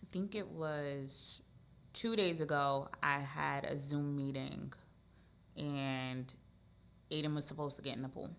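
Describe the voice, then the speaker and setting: A woman in her thirties, a social worker and guest, talking in a casual, animated conversation with emphatic storytelling. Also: low-pitched, a little slow.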